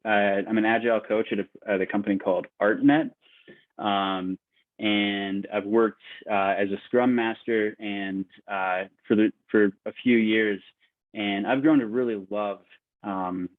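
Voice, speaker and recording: A man speaking as an agile coach at a meetup, telling an allegory with lots of halting restarts, on a video call. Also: lowish voice, no echo. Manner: halting, many fillers and restarts. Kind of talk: storytelling presentation. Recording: tinny lo-fi call audio, dry.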